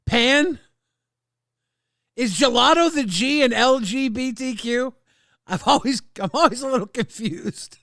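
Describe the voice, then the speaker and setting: This man co-hosts a stream in loose, crude chat, joking and wandering between thoughts. His voice sits high and gravelly, with a bright edge. The sound is close and dry. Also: animated, a little slow, long pauses, no echo. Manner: bursts into loud ranting. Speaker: co-host of a commentary stream. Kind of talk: casual chat.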